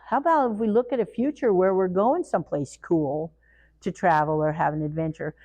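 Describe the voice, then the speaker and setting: A middle-aged woman giving a live training talk, lively and acting out the people she quotes. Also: medium pitch, dull audio. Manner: animated, acts out parents and children in quoted voices.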